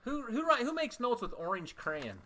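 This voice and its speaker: A man's voice: very high voice, sing-song, normal speed, sharp tone. A man co-hosting a casual podcast, rambling through his thoughts with a self-deprecating, joking manner. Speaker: podcast co-host.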